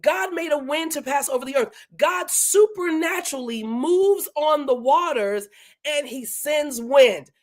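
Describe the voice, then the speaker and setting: A woman's voice: high-pitched, animated. Eager woman teaching the Bible. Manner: conversational, enthusiastic, with emphatic slowed-down scripture reading. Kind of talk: live-streamed verse-by-verse Bible teaching.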